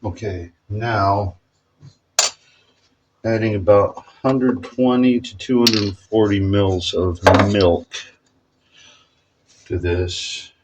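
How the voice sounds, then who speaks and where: Slow, low-voiced man cooking at home. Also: highs cut off, noisy background. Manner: rambling, self-correcting, chatty. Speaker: cooking vlogger. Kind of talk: casual cooking demonstration. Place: home kitchen.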